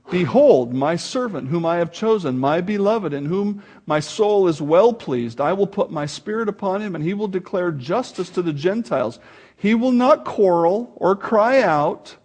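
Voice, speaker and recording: Pastor guy preaching, high voice that swoops all over, gets loud for emphasis. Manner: animated, emphatic preaching with dramatic swings in loudness. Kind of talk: sermon.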